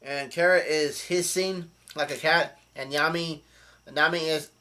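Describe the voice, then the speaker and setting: A man casually recapping a comic chapter, reading quoted lines aloud in a halting, hesitant way. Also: a little high, steady tone, bright, forceful tone. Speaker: manga chapter reviewer.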